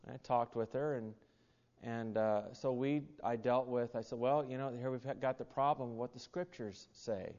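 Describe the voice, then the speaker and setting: A man's voice: mid-range voice, steady tone, moderate pace, a little mellow. A male preacher giving a sermon, telling a story in a folksy way with many fillers and restarts. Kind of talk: sermon with personal anecdote. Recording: dull sound in a reverberant hall.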